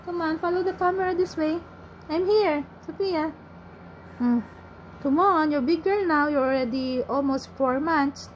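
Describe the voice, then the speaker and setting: A woman's voice: high voice, measured pace, slight background noise, rough recording. A woman, a vlogger coaxing her young pet in sing-song baby talk, pleading and cheering it on.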